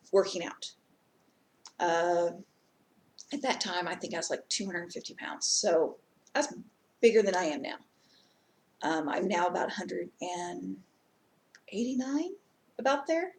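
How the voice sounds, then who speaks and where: A woman's voice: fairly low pitch, expressive, unhurried, pauses often, a little mellow. A woman vlogger telling a casual story time, chatty and rambling, with many ums and asides.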